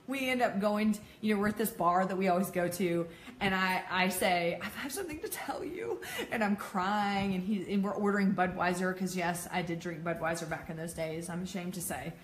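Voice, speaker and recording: A woman's voice: on the low side, fairly even intonation, fairly quick, slight background noise. A woman in her thirties giving a candid personal talk to an audience, laughing often and making self-deprecating asides. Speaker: peer support speaker. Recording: echoey room.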